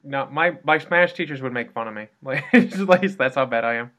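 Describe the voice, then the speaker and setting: A man's voice: mid-range voice, a little fast, fairly bright tone. A man hosting a casual podcast interview, friendly and rambling, who laughs often. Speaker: podcast host.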